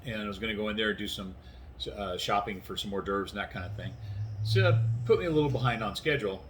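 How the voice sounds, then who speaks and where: Tired man, 60s, rambling vlog chat at home, fairly low-pitched, faint hiss behind. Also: fast talker, fairly bright tone. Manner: rambling, acts out conversations. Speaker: vlogger. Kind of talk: casual chatty storytelling. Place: inside his house, doors closed.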